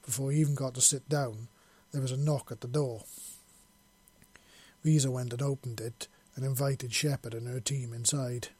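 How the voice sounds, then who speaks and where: A man reading fan fiction aloud, steady with small slips and restarts. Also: mid-range voice, normal speed, breathy edge. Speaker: narrator.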